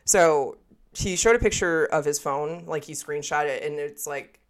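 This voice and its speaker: A woman's voice: sits low, unhurried. Woman co-host reading a story aloud. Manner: reads aloud with frequent laughs and asides. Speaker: podcast co-host.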